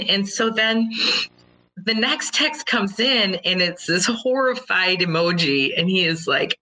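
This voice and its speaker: A middle-aged woman giving an earnest motivational talk to listeners, telling personal stories with animated quoted reactions. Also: fairly high pitch, unhurried, rough recording. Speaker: speaker addressing listeners.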